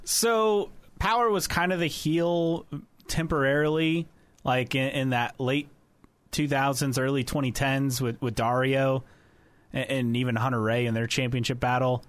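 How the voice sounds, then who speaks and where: A man co-hosting a podcast in casual chat, relaxed and chatty. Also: medium pitch, measured pace, dry recording. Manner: relaxed, chatty, laughs often. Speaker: podcast co-host.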